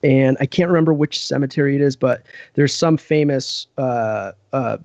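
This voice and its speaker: A man's voice: medium pitch, normal speed, gravelly, a little mellow, no echo, highs cut off. A man from Western Massachusetts, a podcast guest, telling a rambling casual story full of "like" and "you know".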